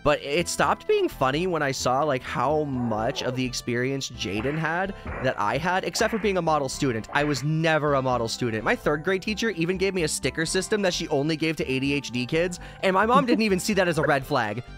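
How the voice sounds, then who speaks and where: Brief: slightly high-voiced male streamer, rambling and casually profane, game music clearly audible underneath. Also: lively intonation, a little fast, few pauses, fairly bright tone. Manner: rambling, tangential, swears casually. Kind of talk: casual storytelling while playing a game.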